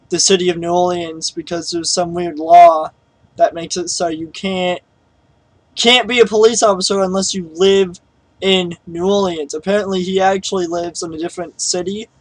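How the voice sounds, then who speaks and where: A man's voice: high-pitched, no room sound, rough recording. A man telling a personal story in a casual vlog, rambling with lots of fillers and restarts. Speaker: vlogger.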